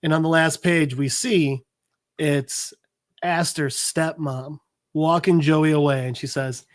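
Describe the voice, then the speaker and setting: A man on a podcast recapping a comic book issue in a casual, profane, animated way, acting out the characters' lines as he goes. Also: a little high, slow pace. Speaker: podcast co-host presenting a comic segment.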